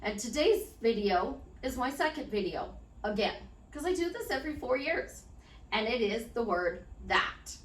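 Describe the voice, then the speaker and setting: In an unedited, upbeat vlog, a woman life coach chats at a moderate pace in a fairly high, animated voice, plugging herself and addressing her audience head-on. The recording has room echo and a far-off mic.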